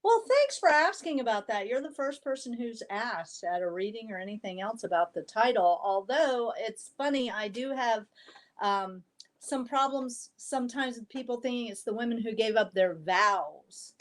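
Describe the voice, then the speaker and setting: A woman poet from the American South being interviewed, talking thoughtfully with pauses and ums, with a faint Southern trace in her accent. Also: a little high, animated. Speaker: poet and author guest. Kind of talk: casual interview conversation.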